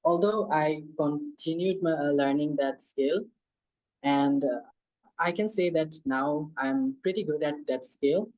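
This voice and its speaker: Male candidate from Bangladesh, Bengali native; hesitant, dark tone, dull muffled audio. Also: fairly high pitch, unhurried. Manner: hesitant, with frequent "uh" fillers. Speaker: IELTS test candidate. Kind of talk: spoken exam answer.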